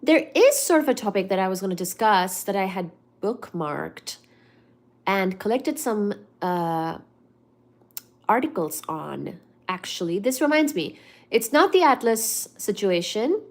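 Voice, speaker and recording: A woman's voice: medium pitch, very animated, unhurried. A woman hosting a casual livestream, chatting with viewers and reading out their comments, a little stuffed up. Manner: chatty, reads out chat comments, playful singsong. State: a bit stuffed up. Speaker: livestream host.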